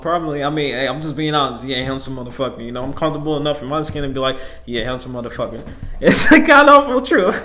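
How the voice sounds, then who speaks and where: Young man, podcast host, high voice, rambling, profane, laughs a lot. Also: fairly bright tone. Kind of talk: casual solo podcast rant.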